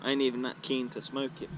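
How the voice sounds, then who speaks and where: A man's voice: mid-range voice, noisy background. Sweary man rambling outdoors. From England. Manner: sweary, slangy, meandering. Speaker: vlogger. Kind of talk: casual rambling monologue. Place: outdoors at a regular filming spot.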